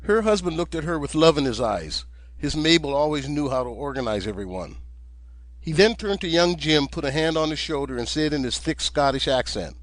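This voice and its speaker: A man, the author, narrating his own audiobook in a steady, gentle storytelling manner. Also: a little high, brisk, no room sound.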